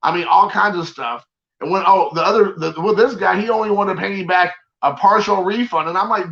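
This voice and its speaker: A man's voice: high-pitched, brisk, a bit bright, lo-fi sound. A man hosting a collector vlog, talking in an exasperated, rambling and slangy way. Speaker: collector channel host. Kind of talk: casual ranting vlog.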